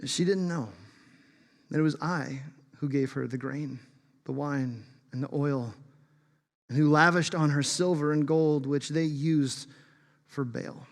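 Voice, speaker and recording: A man preaching a sermon as pastor, emphatic and shifting between loud bursts and hushed asides. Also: a little high, measured pace, long pauses. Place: church sanctuary. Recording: long reverb of a large hall.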